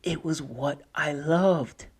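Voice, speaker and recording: Male podcast host, husky voice, conversational motivational talk with frequent restarts. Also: a little high, slow. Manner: conversational, repeats and restarts phrases while telling stories.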